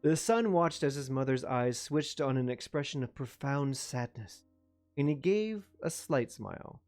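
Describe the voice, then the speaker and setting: A man's voice: medium pitch, expressive, measured pace, a little mellow, faint music behind. A man reading a classic novel aloud on a live stream, breaking off for chatty, self-mocking asides. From United States.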